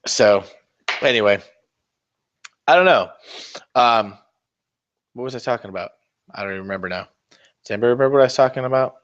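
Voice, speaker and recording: A man's voice: medium pitch, fast, long pauses, highs cut off. Profane, rambling man chatting while painting. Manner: rambling, profane, self-mocking banter. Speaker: miniature-painting livestream host. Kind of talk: casual live-stream chat while painting.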